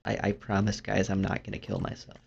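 A man's voice: monotone, fairly quick, a little mellow. A young man commentating his own gameplay in a dry, rambling, self-mocking way. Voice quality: low gravelly voice. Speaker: gaming YouTuber. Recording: dull lo-fi mic.

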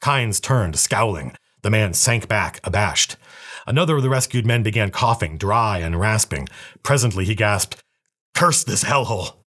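Husky low-voiced man reading aloud. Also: normal speed. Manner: steady, even storytelling. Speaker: narrator reading a novel.

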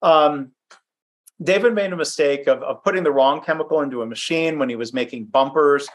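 A man's voice: on the high side, brisk. A man presenting a webinar from his home office, speaking conversationally and self-deprecatingly, with frequent fillers and restarts. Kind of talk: presentation with anecdotes.

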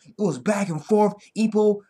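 A man giving an excitable, profane anime fight recap that keeps bursting into yells. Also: high-pitched, moderate pace, slightly rough. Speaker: anime reaction vlogger. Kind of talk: hyped casual recap.

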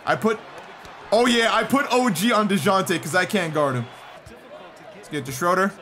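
A man giving excited gameplay commentary as a gaming YouTuber, shouting and groaning at the game as it goes. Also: high voice, moderate pace, a faint crowd, a little hiss or hum. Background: game music and sounds.

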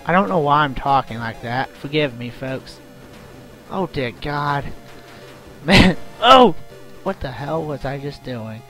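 A man's voice: medium pitch, expressive, takes it slowly, sharp tone. A young man giving casual, self-mocking commentary while playing a game, yelping and groaning at it. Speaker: let's play gamer. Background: game music.

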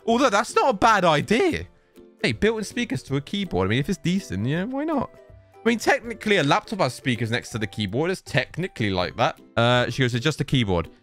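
A man's voice: on the high side, big pitch swings, fairly quick, fairly bright tone, soft background music. A young man giving casual, exasperated reaction commentary and reading posts aloud, with frequent exclamations. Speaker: YouTuber reacting to social media posts.

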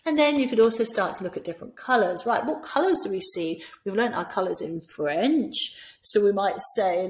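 A woman's voice: medium pitch, lively intonation, normal speed. Scottish woman coaching teachers, explains then acts out little bits of talking to kids in a sing-song teacher voice. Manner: demonstrates by speaking to imagined children in a bright teacher voice. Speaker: teacher trainer. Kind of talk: instructional talk with classroom role-play.

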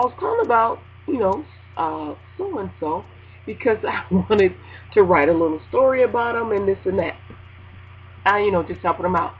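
A woman radio host ranting casually to her listeners, animated and laughing, acting out a phone call in a high voice. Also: slightly rough. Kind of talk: casual spoken rant.

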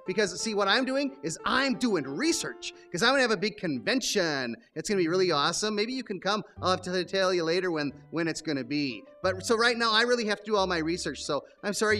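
Man doing a giggly, excitable bunny puppet. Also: high-pitched, a little fast, few pauses, soft background music, full character voice. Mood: excited. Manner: giggly, stammering, scatterbrained. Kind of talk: live puppet show for children.

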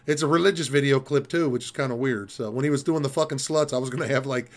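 A man's voice: mid-range voice, fast talker. A man hosting an online open mic comedy show, joking loosely and swearing. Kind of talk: casual hosting banter.

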